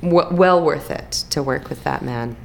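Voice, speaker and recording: A young actress and voice actor in a casual interview, telling stories with animated restarts and playful imitations. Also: female voice, deep voice, vocal fry, slight background noise. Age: young adult. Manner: animated storyteller, quick restarts, lively imitations.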